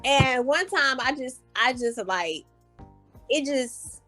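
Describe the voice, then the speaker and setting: Expressive woman in her thirties. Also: high voice, slow, faint music behind. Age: 30s. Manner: expressive, acts out her own thoughts in quotes. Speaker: podcast guest. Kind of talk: casual candid conversation.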